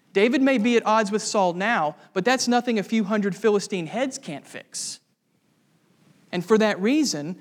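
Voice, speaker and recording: A man's voice: sits high, in a large hall. A man preaching an expository sermon, emphatic and posing rhetorical questions to the congregation.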